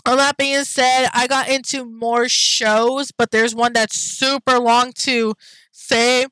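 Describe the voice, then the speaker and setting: A young woman vlogger talks in a loose, rambling way, full of slang and casual swearing. Her voice sits a little high, and the recording is dry with no room sound. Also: little pitch movement, slow, a bit bright, dry recording, rough recording. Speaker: anime vlogger. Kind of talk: casual chat.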